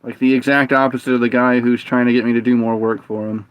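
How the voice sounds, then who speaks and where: A man's voice: mid-range voice, level tone, fast talker, clean tone, no echo, highs cut off. A man streaming a game, chatting casually and rambling through anecdotes with lots of fillers and restarts. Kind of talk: casual storytelling chat.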